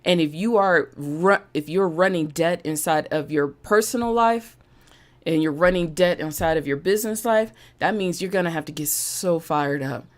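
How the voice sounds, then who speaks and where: A woman's voice: on the low side, moderate pace. Emphatic woman giving a motivational talk. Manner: emphatic, repeats phrases for emphasis. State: coughing now and then. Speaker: podcast host and business coach. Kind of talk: live-streamed motivational talk.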